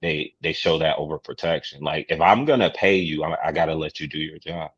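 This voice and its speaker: A man chatting casually on a podcast, laid-back, teasing and calmly giving his opinions. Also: rumbling low, brisk, slightly rough, dry recording, muffled recording.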